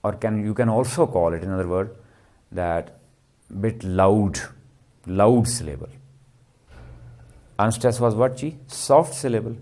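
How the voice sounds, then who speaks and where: A man teaches a class. He answers his own questions as he goes. His voice is warm and mellow, and he keeps checking whether the students are following. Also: lowish voice, expressive, unhurried, long pauses. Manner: checks understanding with frequent "clear?" and "ji". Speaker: lecturer. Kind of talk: classroom lecture.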